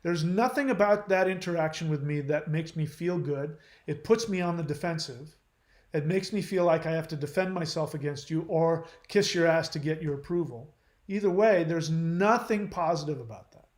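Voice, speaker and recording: A man's voice: a little high, normal speed, darkish tone, echoey room. A man hosting his channel, reading viewer comments aloud and answering them in a blunt, lecturing way.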